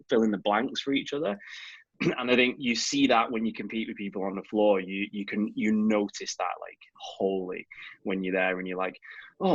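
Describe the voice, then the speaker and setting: Podcast guest, British-raised man, low voice, dry muffled lo-fi line, rambling. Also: dry recording. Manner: rambling, animated storyteller with frequent restarts. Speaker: podcast guest, charity founder. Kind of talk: casual chat. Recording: dull, lo-fi remote audio.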